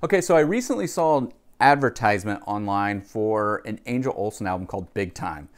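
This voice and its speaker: A record-collecting vlogger talks casually to camera about the music he bought, rambling with asides and fillers in a music haul video. His voice is on the low side, expressive and a little fast.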